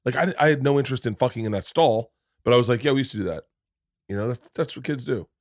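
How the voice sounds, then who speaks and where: A middle-aged man telling stories in a casual podcast chat, profane and animated, with many asides. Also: medium pitch, quick pace, no echo, studio quality. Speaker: podcast guest.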